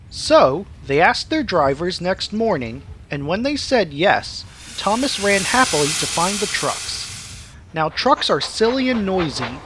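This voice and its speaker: A man narrating a children's railway storybook in a lively, expressive reading. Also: high-pitched, background noise. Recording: music playing behind.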